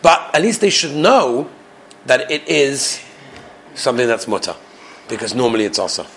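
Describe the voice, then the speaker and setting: A man teaching a Torah lesson to a class, animated and quizzing his students. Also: medium pitch, normal speed, a little hiss or hum. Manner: animated, asks the class questions.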